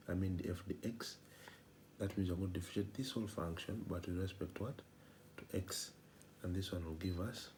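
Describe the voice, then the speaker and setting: A man's voice: low voice, a little mellow, a little hiss or hum. A man giving a math lecture, repeating his phrases and posing rhetorical questions to the class.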